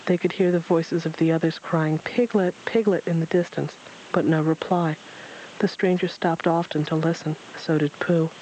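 A man reads a children's story aloud in a fairly high voice, steady and unhurried, now and then stumbling on a word. Faint hiss sits under the reading. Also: rough recording. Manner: steady reading with occasional slips.

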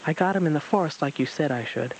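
A man's voice: on the high side, quick pace, a little hiss or hum, lightly acted, rough recording. Storybook tiger, male, bouncy and eager, cheerful; a man reads him.

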